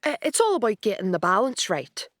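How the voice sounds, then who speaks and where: Woman doing a nervous people-pleasing young man in an audiobook, hesitant and stammering, mid-pitched voice, dry close sound. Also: very animated, a little fast, fairly bright tone, no room sound. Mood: earnest.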